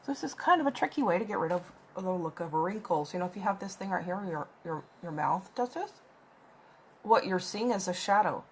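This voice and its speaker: This vlogger has a lowish, expressive voice and talks a little fast, with slight background noise on the phone-camera recording. She rambles chattily through a makeup tutorial while applying it at home, her cat with her.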